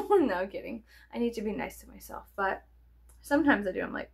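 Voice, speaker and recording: A woman's voice: medium pitch, lively intonation, a little fast, gravelly, a little mellow, husky. A young woman vlogger chatting casually to her viewers, playful and swearing often, dropping to near whispers and jumping to sudden squeals. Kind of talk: rambling casual chat to camera.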